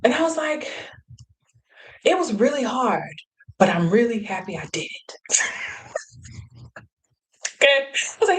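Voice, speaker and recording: A woman's voice: a little high, a little slow, long pauses, rough recording. A woman hosting a live show, telling a personal story in a casual motivational way, laughing often and acting out what people said. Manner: animated, laughs often, acts out quotes. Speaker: host.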